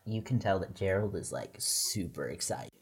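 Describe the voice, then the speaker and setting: A woman narrating as game master of a tabletop game, a relaxed, laughing storyteller. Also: very deep voice, normal speed, vocal fry, noisy background.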